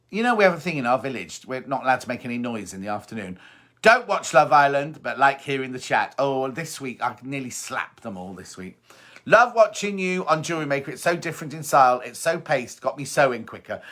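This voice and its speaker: A man's voice: on the high side, sharp tone. A middle-aged man presenting a sewing show, reading out viewer comments and chatting about them in a gossipy, teasing way. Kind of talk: casual live chat reading viewer comments.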